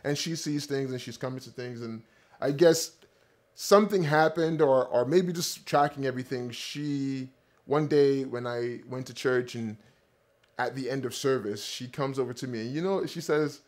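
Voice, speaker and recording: A man's voice: medium pitch, normal speed. A man in his thirties, a company founder, eagerly telling a rambling personal story straight to his viewers. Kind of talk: casual storytelling to camera.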